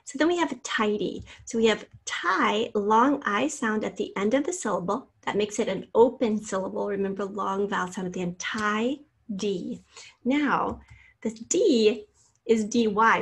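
A woman teacher giving a recorded spelling lesson over slides, spelling out letters slowly and patiently. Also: mid-range voice, husky.

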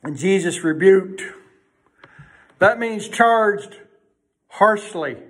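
A male preacher with a notably high voice. He preaches in a folksy, emphatic way, rising to loud bursts and dropping to hushed asides. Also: expressive, drawn-out words. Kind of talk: sermon.

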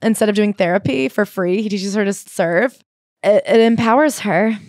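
A woman's voice: medium pitch, normal speed, darkish tone, dry recording. A woman co-hosting a comedy book podcast, recapping a memoir with sarcastic asides and dry read-aloud passages. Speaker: podcast co-host.

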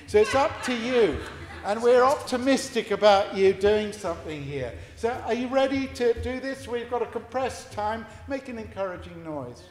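A man's voice: high-pitched, lively intonation, moderate pace, few pauses, noisy background. A man leading an audience through a forum theatre game in a large hall, playful and encouraging as he explains the rules. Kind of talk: guiding a live audience.

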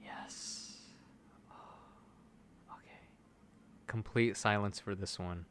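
A young man live-streaming gacha pulls, begging the game for good results, then turning sarcastic, swinging between loud pleading and flat mutters. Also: lowish voice, measured pace, background noise.

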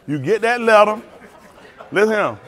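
Teasing pastor with a Black drawl. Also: male voice, high voice, expressive, normal speed, a faint crowd. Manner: playful, teasing, drawling street slang. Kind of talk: loose joking sermon talk to a congregation.

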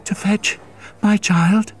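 A woman's voice: fairly even intonation, slow pace, soft background music, natural voice. A man reading a storybook, voicing a desperate dying young mother who cries out frantically for her child. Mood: frantic. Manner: shrill, frantic questioning.

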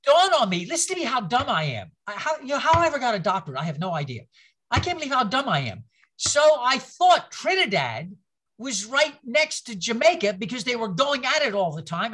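With an extremely high-pitched, sharp voice, an older man delivers a conversational Bible-class lecture. His stories ramble and poke fun at himself, and he frequently repeats words and starts sentences over.

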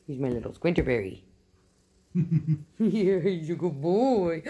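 A woman's voice: deep voice, lively intonation, slow, dark tone, slight background noise. A woman hosting a home pet vlog indoors, talking in sing-song baby talk to a cat and laughing often. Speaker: vlog host. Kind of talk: casual chat, cooing to pets.

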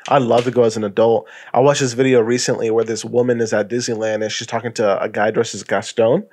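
Young male podcast co-host, mid-pitched, casual and profane, animated storyteller. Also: fast talker. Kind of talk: casual chat.

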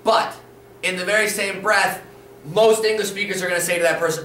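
A man's voice: sits high, steady tone, a little fast, sharp tone, far from the mic. A man teaching a video language lesson, patient and encouraging, often checking in with "okay?" as he repeats the rules. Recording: roomy echo, voice a bit off-mic, faint room noise.

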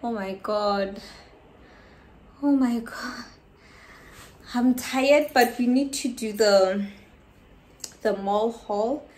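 A woman from South Africa filming a casual haul vlog at home, tired and short of breath, chatty and excitable, sometimes dropping to a whisper. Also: a little high, extremely slow, pauses often. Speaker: vlogger.

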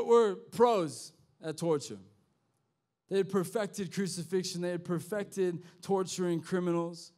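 Man, high voice, youth sermon, conversational, impassioned, loud-soft swings. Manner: impassioned, swings from quiet to shouting; conversational with slang and restarts. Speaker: youth pastor. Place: youth service hall.

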